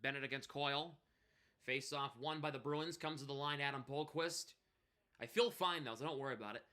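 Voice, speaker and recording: A man's voice: medium pitch, fairly quick. A young man doing live hockey play-by-play on his stream, calling the action and chatting with viewers in between. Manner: excited play-by-play, chatting with chat between plays. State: coughing, choking on saliva. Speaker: livestream hockey commentator.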